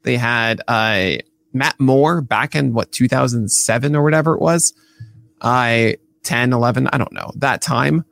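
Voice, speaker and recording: A man's voice: mid-range voice, unhurried, vocal fry, fairly bright tone, dry recording, studio quality. A man co-hosting a casual baseball podcast, playful and teasing, rambling through his picks. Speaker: podcast co-host.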